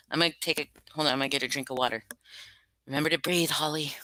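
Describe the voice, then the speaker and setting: Reading stories on a casual livestream, she rambles self-consciously, leaning on fillers and frequent restarts. Her voice sits low and sounds pushed and bright, with no room sound at all.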